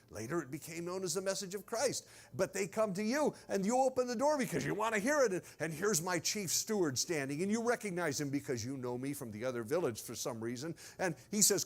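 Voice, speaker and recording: A man's voice: high voice, very animated, moderate pace. A male pastor telling a sermon as a dramatized story, animatedly acting out scenes in the first person.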